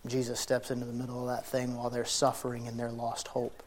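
A middle-aged man preaching a sermon as pastor, conversational, swinging between loud emphasis and quiet intensity, laughing easily. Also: medium pitch, completely flat delivery, fast talker, slight background noise.

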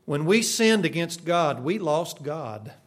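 A man delivers a sermon in a slightly high voice. He takes his time and lets his words land, climbing into loud, impassioned bursts before dropping back to a hush. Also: sing-song, takes it slowly. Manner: preaching with sudden loud bursts and hushed drops. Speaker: preacher.

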